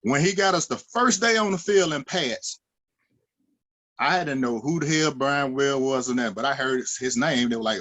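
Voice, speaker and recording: A man's voice: normal speed, fairly bright tone. Emphatic man telling football stories. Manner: emphatic, folksy, jumps higher when acting out others. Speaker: former linebacker guest. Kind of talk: roundtable chat, storytelling.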